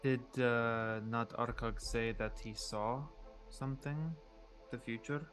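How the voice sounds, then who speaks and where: A man's voice: mid-range voice, fairly even intonation, slow pace, a bit bright, soft background music. A man player chatting casually at a game table, laid-back and hesitant, with some teasing.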